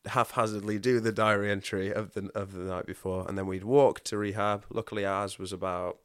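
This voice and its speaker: A man with a low, smooth, resonant voice, talking casually as a guest. He tells animated stories and laughs often. The sound is dry and close. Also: a little fast, dry recording. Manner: animated, laughing, acts out quotes. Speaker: podcast guest. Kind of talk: casual storytelling chat.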